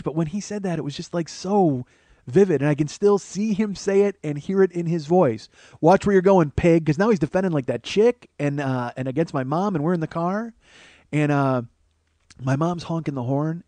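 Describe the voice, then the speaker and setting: A man's voice: fairly high pitch, no echo. Profane man telling a personal story. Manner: profane, conversational, animated quotes. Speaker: podcast host, comedian.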